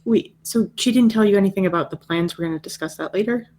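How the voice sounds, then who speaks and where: A woman plays in a tabletop game with a teasing, quick-questioning manner. Her voice sits at a middle pitch. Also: darkish tone. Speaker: player. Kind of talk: in-character tabletop play.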